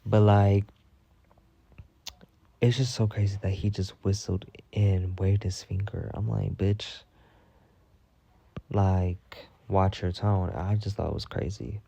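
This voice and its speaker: Mellow-voiced man gossiping in a storytime vlog. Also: a little slow, creaky, husky. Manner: profane, animated gossiping with sudden high-pitched quoted outbursts. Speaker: storytime vlogger. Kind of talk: casual storytime.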